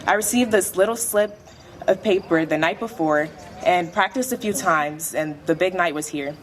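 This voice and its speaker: A teenage girl with a fairly low voice gives her graduation speech at a school dinner, steady and reflective as she reads from her page. She speaks into a podium microphone. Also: normal speed, soft background music. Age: late teens. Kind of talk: prepared speech read aloud.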